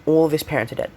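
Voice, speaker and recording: A young man casually retelling an invented fan story, rambling with many fillers and self-corrections, coughing and clearing his throat now and then. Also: fairly high pitch.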